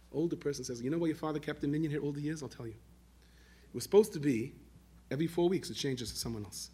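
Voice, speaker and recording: Male preacher, storyteller; husky, quick, slightly high, drops Yiddish and Hebrew terms. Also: expressive, mellow. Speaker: rabbi telling stories. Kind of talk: storytelling sermon.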